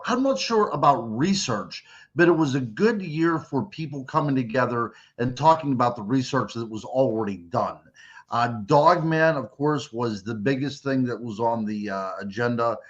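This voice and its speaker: A man's voice: medium pitch, a bit bright. A man from Western Pennsylvania, a guest on a radio talk show, chatting and joking with small restarts. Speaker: guest, cryptid author. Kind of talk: casual radio interview. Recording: dull lo-fi call-in line.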